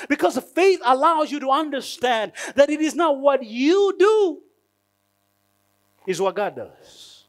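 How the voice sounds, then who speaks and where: A man preaching a sermon in an animated way, laughing often and acting out prayers. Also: extremely high pitch, slow pace.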